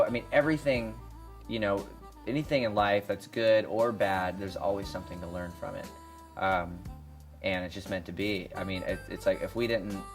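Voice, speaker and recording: Deep male interviewee, thoughtful, halting. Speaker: interviewed musician. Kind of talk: casual interview answers.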